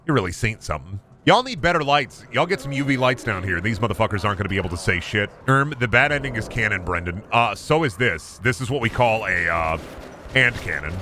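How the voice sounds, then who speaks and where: Lively, bright-voiced streamer man. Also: fairly low pitch, brisk, a little hiss or hum. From United States. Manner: rambling, profane, joking asides. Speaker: streamer playing a video game. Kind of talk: casual gaming commentary.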